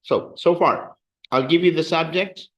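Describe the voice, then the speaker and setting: In a muffled recording, a Spanish teacher with a slightly high voice explains verb endings to his class. He goes slowly and patiently, drilling students with call-and-response.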